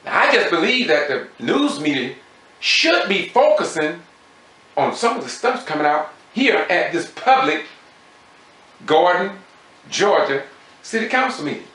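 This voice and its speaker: Impassioned man, bright, echoey room. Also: fairly high pitch, very animated, a little slow, long pauses. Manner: impassioned, repetitive, preacher-like emphasis. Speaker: citizen news commentator. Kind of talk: emotional commentary over meeting footage.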